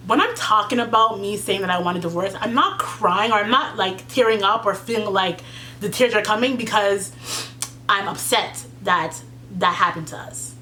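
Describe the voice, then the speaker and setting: A woman's voice: mid-range voice, normal speed, pushed and bright, a little hiss or hum. A young woman vlogger telling a personal story to camera, earnest and tearful, with many fillers and repeats. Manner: earnest, heartfelt, fillers and repeats, fighting back tears.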